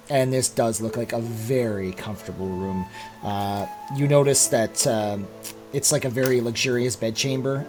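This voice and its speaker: Casual male game master. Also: mid-range voice. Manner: casual, filler-heavy descriptions. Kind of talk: narrating a tabletop game.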